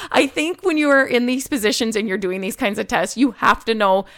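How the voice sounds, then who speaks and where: A woman's voice: on the high side, a little fast, hardly any pauses, fairly bright tone. A woman hosting a podcast, telling a personal story in a rambling, emotional way with many fillers. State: choked up at times. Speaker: podcast host.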